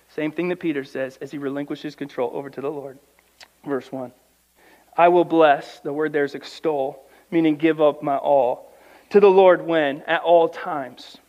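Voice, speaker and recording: Guy preaching a sermon, pretty high voice, reads scripture then jumps in with his own punchy comments, goes quiet then loud. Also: lo-fi sound. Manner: reads scripture aloud and breaks in with emphatic commentary; swings from quiet, low asides to loud, high, drawn-out emphasis. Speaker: pastor.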